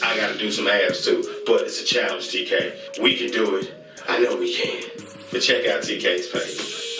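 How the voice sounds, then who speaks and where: Hyped man, echoey room, music under. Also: on the low side. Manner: excitable, chants call-and-response catchphrases. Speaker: host reviewing online comedy channels. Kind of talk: casual hyped-up vlog shout-outs. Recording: roomy echo, mic at a distance, music behind.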